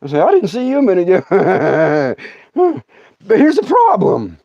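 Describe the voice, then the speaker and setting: A man's voice: high voice, huge pitch swings, unhurried, gravelly, dark tone, no echo, dull audio. A middle-aged man telling a comic story on a livestream, stammering, laughing often and putting on voices. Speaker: comedian. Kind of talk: storytelling stand-up.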